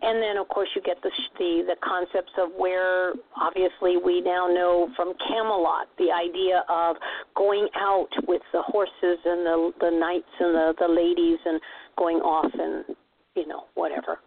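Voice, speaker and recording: A woman's voice: on the low side, flat delivery, a little slow, a little hiss or hum. A woman co-hosting a podcast, chatting casually and drifting off into asides. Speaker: podcast co-host. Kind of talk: casual chat. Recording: phone-like radio broadcast sound.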